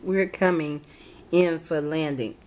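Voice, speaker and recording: A woman voicing a cheerful, imaginative little boy as she reads a children's storybook aloud, with slow, low tones. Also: steady tone, a little mellow. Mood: playful.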